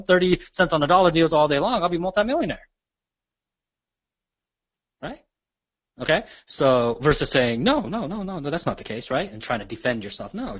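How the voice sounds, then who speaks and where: A man's voice: medium pitch, a bit bright, breathy edge. A man coaching real estate agents in a webinar, breaking down a recorded sales call and tagging nearly every sentence with "right?". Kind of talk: teaching a webinar.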